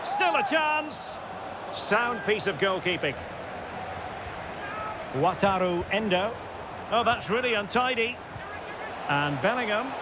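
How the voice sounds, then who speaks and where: A seasoned video game football commentator, polished and quick to get excited. His voice sits fairly high for a man. It is heard as game audio under loud background noise. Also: full character voice. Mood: lively play-by-play. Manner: polished broadcaster, rising to loud excited calls on goals.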